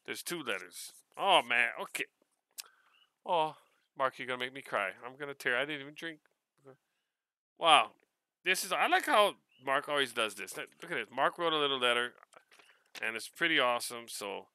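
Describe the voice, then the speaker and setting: Man from Hawaii, Hawaiian-tinged accent, very bright tense voice, smooth and crisp, excitable unboxing vlog. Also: mid-range voice, no echo. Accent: Hawaiian Pidgin-tinged English. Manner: excitable, laughs often, repeats words. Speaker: vlogger.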